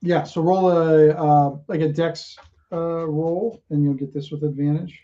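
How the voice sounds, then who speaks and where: A man's voice: on the high side, steady tone, measured pace, mellow, muffled recording. A man narrating as game master of a tabletop game, teasing the player. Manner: teasing, laughs easily.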